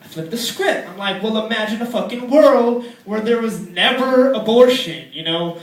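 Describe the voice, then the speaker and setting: A young man in his twenties doing a crude, rambling stand-up routine in a comedy club, often slipping into squeaky put-on voices. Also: lively intonation, normal speed. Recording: echoey club with loud crowd, distant mic.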